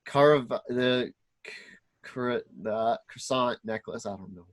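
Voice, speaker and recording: A man's voice: mid-range voice, no echo. Man rambling through a movie recap. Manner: rambling, acts out scenes in quick voices. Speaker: podcast co-host. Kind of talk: casual chat recapping a movie.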